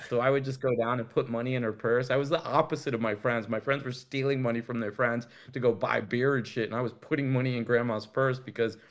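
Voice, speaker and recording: A man's voice: mid-range voice, steady tone, quick pace, few pauses. A middle-aged man from the United States, a guest telling rambling, candid stories in casual chat, swearing freely. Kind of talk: casual storytelling interview.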